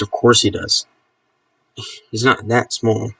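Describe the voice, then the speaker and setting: A man's voice: on the low side, moderate pace, fairly bright tone, no room sound, recorded from a distance. A man chatting casually on a live stream, amused, talking to his pet snake as he handles it.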